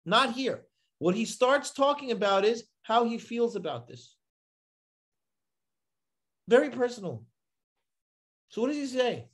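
A man's voice: extremely high pitch, measured pace, pauses often. A man, a rabbi, giving a live Torah lesson. He reads Hebrew verses, explains them and often checks in with "right?". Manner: animated, checks in with frequent "right?". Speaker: rabbi teaching a Torah class.

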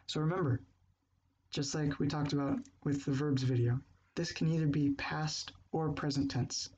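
A man gives a patient grammar lesson, saying his example phrases slowly and repeating them. His voice is soft and mellow, and his pace is unhurried. The recording sounds dull and lo-fi. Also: on the high side, steady tone, slightly rough. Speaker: language teacher. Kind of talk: explaining grammar step by step.

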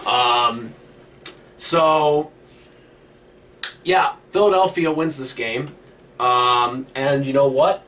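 A man co-hosting a casual sports picks chat over an online call, talking with plenty of fillers and pauses. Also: mid-range voice, a bit bright. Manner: hesitant, many fillers. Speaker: co-host making picks. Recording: distant mic with faint noise.

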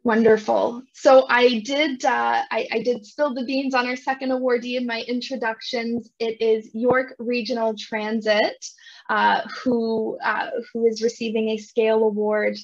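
A gracious woman moderates a virtual summit, her voice gravelly and slightly high. The call audio is dull and lo-fi. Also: little pitch movement, measured pace. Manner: gracious, hesitant with "uh" fillers. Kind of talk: hosting a virtual event. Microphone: video call.

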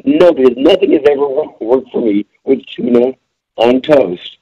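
A man's voice: medium pitch, expressive, normal speed, dark tone, husky, lo-fi sound, voice pushed up. A man quoting a glum, hapless sitcom man. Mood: sulky.

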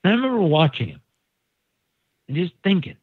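This San Diego podcast guest has a high-sitting voice with a breathy edge and talks fairly quickly. He's an animated storyteller who acts out quoted voices in a casual tale, recorded dry with no room sound and a narrow, phone-like tone.

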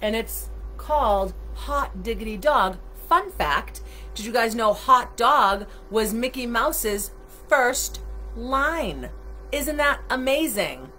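Animated woman reading a storybook aloud. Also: on the high side, slow pace, a little hiss or hum. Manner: chatty, animated, asks listeners questions. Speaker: storytime reader. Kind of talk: reading a picture book aloud to children online. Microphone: computer microphone on a livestream.

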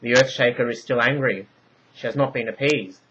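A man reading a story aloud, voicing a grave female oracle who speaks in solemn, measured prophecies. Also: medium pitch, fairly bright tone, a little hiss or hum, close to an everyday voice. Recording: dull lo-fi recording.

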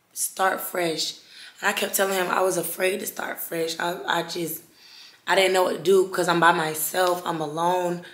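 A young woman talks straight to her viewers in a slightly low voice, halting and repeating herself with fervent feeling. Her voice rings a little in an echoey room. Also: fairly bright tone. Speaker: vlogger. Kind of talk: emotional personal vlog talk.

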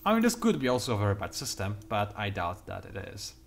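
A young man hosting a strategy game tutorial, talking quickly through detailed explanations with dry, sarcastic asides. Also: lowish voice, huge pitch swings, vocal fry, a little hiss or hum. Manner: talks fast, self-admittedly. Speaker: gameplay tutorial host. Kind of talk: explanatory let's-play commentary.

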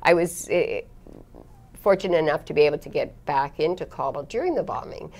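A woman's voice: low voice, a little fast, a little mellow, a little hiss or hum. A middle-aged woman, a foreign correspondent, recounting her career in a chatty interview, laughing often and restarting her sentences. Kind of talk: reflective interview storytelling.

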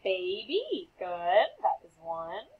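Young female teacher, slightly husky, lively up-and-down delivery, unhurried, encouraging and repetitive with her class. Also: fairly high pitch, phone-quality sound. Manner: encouraging, calls on students by name, repeats answers. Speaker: elementary school teacher. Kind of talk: classroom phonics lesson.

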